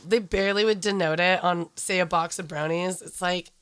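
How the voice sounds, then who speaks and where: A woman co-hosting a podcast in casual chat, animated, laughing often and swearing freely. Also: on the low side, moderate pace, clear, resonant tone, no room sound. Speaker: podcast co-host.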